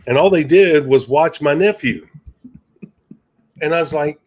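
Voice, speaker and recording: A man's voice: fairly high pitch, unhurried, long pauses, darkish tone. Chatty middle-aged man hosting a podcast. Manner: chatty, folksy, laughs easily. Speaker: podcast host. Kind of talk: casual chat.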